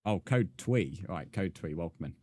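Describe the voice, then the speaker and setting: A man's voice: sits low, lively intonation, normal speed, a little mellow, dry recording, clean studio sound. A British man chatting casually on a live game stream, easygoing, with lots of fillers as he reads out the chat. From United Kingdom.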